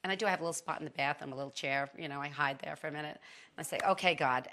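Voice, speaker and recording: A chatty, middle-aged woman speaks as an interview guest, often restarting her sentences. Her voice sits fairly low but sounds bright and forceful. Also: rapid-fire. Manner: chatty, animated, with many restarts. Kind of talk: casual testimony.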